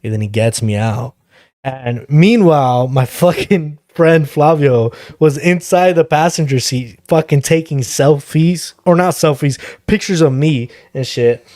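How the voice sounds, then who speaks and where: A man's voice: on the high side, a little slow, darkish tone, no echo, clean studio sound. A young man hosting a podcast, telling a story in a laid-back, casual way, swearing freely and chuckling now and then. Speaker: podcast host.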